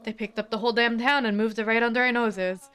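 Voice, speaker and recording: A woman's voice: a little high, steady tone, fast, fairly bright tone, clean tone, natural voice. A woman voicing a defiant woman pleading urgently with a crowd, sometimes stumbling over her words. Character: defiant determined woman whistleblower. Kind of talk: game dialogue read aloud.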